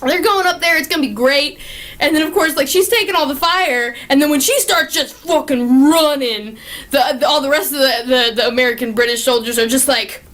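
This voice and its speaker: A young woman reviewing a movie in casual chat, gushing and excitable, swearing freely and filling her talk with fillers. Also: sits high, fairly quick.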